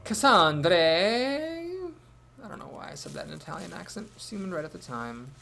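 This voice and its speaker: A man's voice: a little high, animated, fast, creaky, background noise. A man thinking aloud as he commentates his own card game, with wry asides. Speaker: gameplay commentator.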